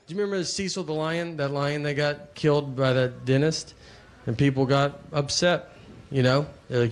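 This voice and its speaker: A stand-up comedian with a Tennessee Southern accent, delivering a live set in a deadpan, meandering way with many hesitations. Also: male voice, mid-range voice, brisk. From Tennessee, USA. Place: stage in a venue with an audience. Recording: noisy, echoey live stage recording.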